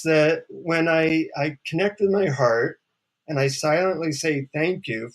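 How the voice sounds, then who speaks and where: A man, a psychotherapist and author, telling a relaxed, wry anecdote as a guest in a casual interview. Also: on the high side, husky.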